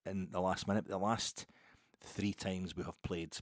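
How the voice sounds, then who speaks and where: A man's voice: deep voice, level tone, a little slow, no room sound, clean studio sound. A man in his fifties with a Scottish accent, hosting a solo football podcast in a rambling, wry way that keeps correcting itself. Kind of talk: casual solo podcast chat.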